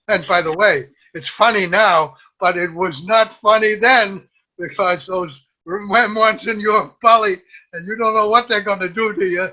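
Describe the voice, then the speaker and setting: An older man, a war veteran, telling an animated story and quoting others in a lifted voice. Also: high voice. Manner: lively storyteller, quotes others in raised voice, laughs at own tale. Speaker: WWII veteran guest. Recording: dull lo-fi audio.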